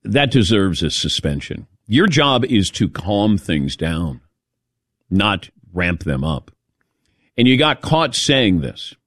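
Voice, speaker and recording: A man's voice: low voice, slow pace, dry recording, clean studio sound. A man hosting a sports talk radio show, taking calls and giving opinionated takes. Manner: opinionated, lively.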